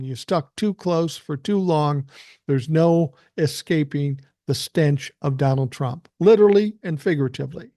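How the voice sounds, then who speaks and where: A man's voice: fairly high pitch, dark tone, no echo, clean studio sound. Heated profane older man ranting. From South Minneapolis, USA. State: out of breath. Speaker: podcast host. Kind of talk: ranting live stream commentary.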